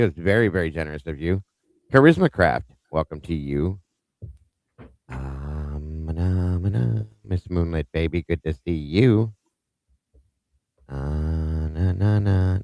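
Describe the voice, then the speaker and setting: A deep-voiced man hosting a live stream, greeting viewers one by one in a chatty, upbeat way. His voice is smooth and clear, recorded close and dry with no room sound. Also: no room sound. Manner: upbeat, chatty, reads out viewer names warmly with small stumbles. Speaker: host of a live true-crime stream.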